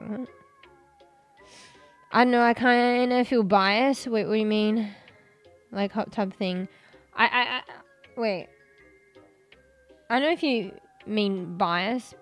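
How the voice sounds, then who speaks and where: A woman's voice: mid-range voice, unhurried, pauses often, soft background music. A woman streamer chatting casually with her viewers, rambling with lots of fillers and restarts, her throat sore and coughing.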